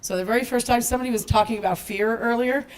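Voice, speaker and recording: A woman giving a lively talk at a business event, laughing often and acting out what people said to her. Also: fairly high pitch, fast, low-quality recording. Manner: animated, laughs often, acts out quotes. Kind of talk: motivational stage talk with storytelling. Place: event stage before a live audience.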